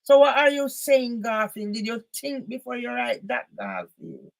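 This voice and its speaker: A woman's high, creaky voice swings hugely in pitch as she rants, unhurried, at someone who has angered her. The recording is a monologue video by an author and campaigner, and she confronts her target directly, repeatedly driving points home with loud, emphatic bursts.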